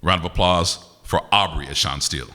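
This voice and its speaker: Deep-voiced man teasing a crowd in a hall. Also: fairly quick, very noisy. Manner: teasing, playful banter. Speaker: performance poet. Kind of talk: live crowd work with an audience. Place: university concert venue. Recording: reverberant hall, live event.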